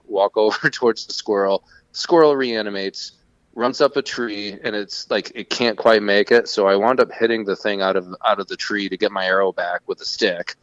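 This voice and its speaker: A man with a low voice tells a story in an animated, casual way and swears freely. The recording is dry, with no room sound, and its sound is dull and lo-fi. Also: dry recording. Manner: profane, animated retelling. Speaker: podcast co-host.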